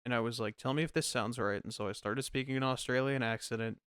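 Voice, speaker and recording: A man with a smooth, clear voice tells a story on his podcast, laughing often and tripping over repeated words. He sits close to a dry microphone with no room sound around him. His pitch sits in an ordinary middle range. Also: fairly even intonation, fast talker, a bit bright, dry recording. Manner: laughs often, stammers and restarts. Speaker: podcast host. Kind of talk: casual chat.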